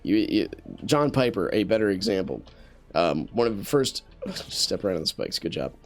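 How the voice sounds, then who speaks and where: A man's voice: low-pitched, very animated, moderate pace, faint music behind. A man giving casual commentary while playing a game, talking in an earnest, rambling way with many restarts and fillers into a USB studio microphone. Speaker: gameplay commentator.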